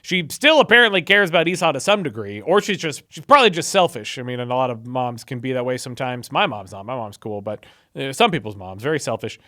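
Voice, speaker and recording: A man's voice: mid-range voice, very animated, fast, sharp tone. A young man casually retelling a story for laughs, irreverent and full of "like" fillers. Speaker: online video host.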